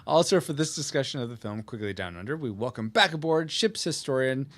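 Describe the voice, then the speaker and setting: A man hosting a podcast in casual, joking banter, quick to laugh. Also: medium pitch. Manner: jokey, animated, laughs often. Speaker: podcast host. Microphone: podcast mic.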